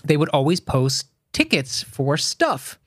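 A man with a fairly high, expressive voice co-hosts a casual podcast, telling stories with a wry, joking manner. His pitch moves a lot, and the sound is dry and close. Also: takes it slowly, dry recording. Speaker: podcast co-host.

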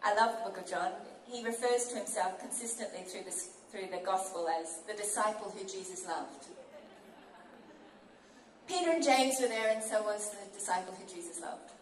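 A woman preaching a sermon with emphatic delivery, slowing down to stress key words. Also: mid-range voice, slight background noise. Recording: echoey room, mic at a distance.

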